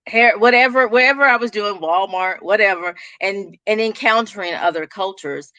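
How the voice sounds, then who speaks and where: Animated Texan woman, dry close sound. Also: mid-range voice, moderate pace, no echo, dull audio. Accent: Texas. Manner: animated storyteller, laughs often. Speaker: guest, business coach. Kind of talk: casual interview conversation.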